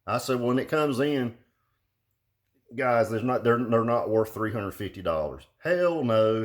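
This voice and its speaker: A man's voice: medium pitch, expressive, unhurried. An older man, ranting into a phone held at arm's length in a profane, mocking vlog, laughing and cussing often. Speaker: car audio vlogger.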